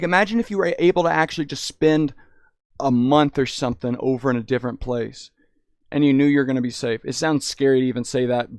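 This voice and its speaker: A man's voice: mid-range voice, creaky, no echo, clean studio sound. A young man streaming in VR, chatting casually and rambling, swearing a lot and saying "dude". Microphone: headset in VR.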